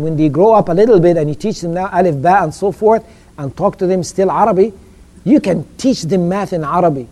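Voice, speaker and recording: A man with a high-pitched, mellow voice gives an informal religious education lecture. His delivery is halting: he stumbles, repeats words, and keeps checking in by asking "okay?".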